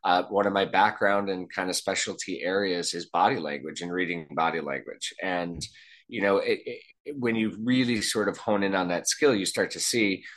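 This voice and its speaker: Man, very low voice, interview guest, reflective, thinks aloud. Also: steady tone, normal speed, a bit bright. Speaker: guest, behavior and body language trainer. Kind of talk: conversational interview.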